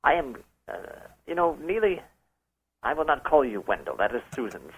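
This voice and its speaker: A man's voice: medium pitch, very animated, moderate pace, husky, low-quality recording. A man playing a pompous caller posing as a rock singer, speaking in a mock-formal, smug, suggestive way on a radio show. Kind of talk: comedic prank call on radio.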